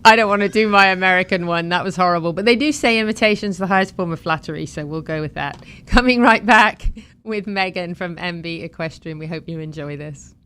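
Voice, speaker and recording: A woman's voice: fairly low pitch, fairly quick, fairly bright tone, clear, resonant tone. A woman hosting a horse talk show, chatting enthusiastically and reading sponsor lists.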